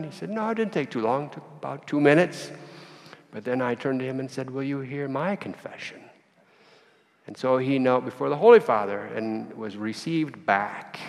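Gravelly male preacher, animated storyteller, long church reverb. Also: mid-range voice. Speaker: priest. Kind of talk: sermon storytelling.

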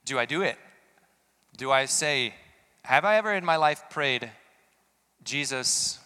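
A man delivering an earnest sermon with a bright, crisp, resonant voice. He asks searching questions and rises to emphatic peaks. His words ring out with the long reverb of a large church hall. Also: medium pitch. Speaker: preacher.

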